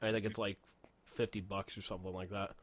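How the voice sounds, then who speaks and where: Swearing, animated male podcast host. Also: on the low side, fairly quick. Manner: animated storytelling, heavy swearing, frequent laughter. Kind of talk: casual chat.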